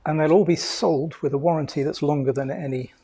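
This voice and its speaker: A man with a somewhat husky voice pitched a little high for a man. He chips in briefly and dryly, pausing on fillers as he explains. He speaks casually beside his co-host. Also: steady tone, dark tone. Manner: brief, dry remarks, hesitant fillers. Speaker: co-host of a quilting shop livestream. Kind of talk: casual livestream chat.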